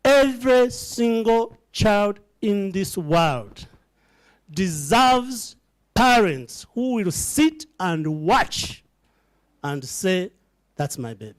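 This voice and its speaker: Man, middle-aged, charity founder; speaks slowly and clearly, with a preacher's fervor to the room. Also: sits high, expressive. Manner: preacherly, addresses the crowd directly, building to fervent peaks. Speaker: charity founder addressing donors. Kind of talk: emotional fundraising speech. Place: event hall before a live audience.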